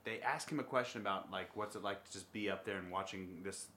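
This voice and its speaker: A man hosting a casual podcast chat, animated and quick to laugh, leaning on "like" and "dude" as he talks. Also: low-pitched, slight background noise. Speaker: podcast host. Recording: echoey room.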